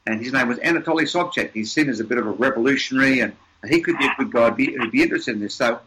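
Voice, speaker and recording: Older male interview guest with a forceful, emphatic delivery who repeats words to drive home a point. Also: medium pitch, very fast, low-quality recording. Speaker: interview guest, seminar presenter. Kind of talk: storytelling conversation.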